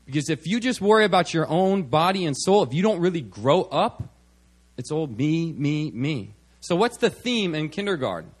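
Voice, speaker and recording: A man with a somewhat high voice delivers a church sermon. He talks in an easy, conversational way and keeps checking in with the congregation through little "okay"s and "all right"s. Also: big pitch swings, moderate pace. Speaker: preacher. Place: church service.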